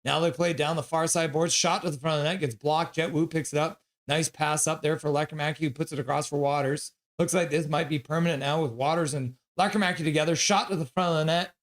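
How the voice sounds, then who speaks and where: Fields: Sex: male. Role: play-by-play caller. Pitch: fairly high. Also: steady tone. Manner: brisk play-calling mixed with joking chat reading. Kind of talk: fan livestream play-by-play.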